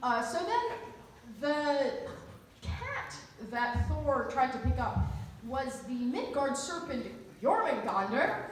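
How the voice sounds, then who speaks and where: A woman telling a story live at a cabaret in a chatty, humorous way, full of asides. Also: high-pitched. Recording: echoey venue from a distance, faint room noise.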